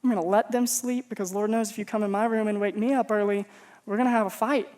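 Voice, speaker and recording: A man's voice: high voice, fairly even intonation, fast, a little mellow. A man from Texas preaching as a pastor, telling personal stories in a humorous, conversational, self-mocking way. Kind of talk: sermon with personal storytelling.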